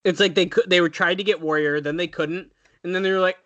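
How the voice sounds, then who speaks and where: A man's voice: high voice, fairly even intonation, quick pace, sharp tone. A man co-hosting a podcast in casual, jokey, irreverent banter. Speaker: podcast co-host. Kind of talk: casual chat.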